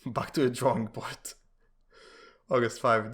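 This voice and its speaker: A man casually reading comic strips aloud, giving the characters quick voices and breaking off into rambling, laughing commentary. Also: medium pitch, steady tone, a bit bright. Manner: reads dialogue with shifting voices, laughs often, rambling asides.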